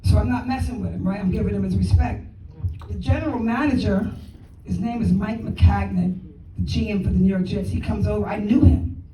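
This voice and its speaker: A woman guest speaker giving a motivational talk, telling a lively story, acting out conversations and laughing often. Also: medium pitch, a little fast, distant mic, slight background noise. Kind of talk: motivational speech. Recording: echoey hall, speaker away from the mic.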